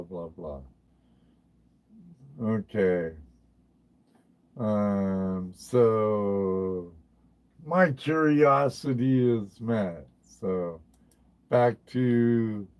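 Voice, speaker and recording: Guy hosting a live stream, real slow and drawn out, keeps repeating himself, talks to chat. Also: fairly low pitch, a little mellow. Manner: chatty, addresses chat viewers by name, repeats phrases. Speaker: livestream host. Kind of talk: casual livestream chat.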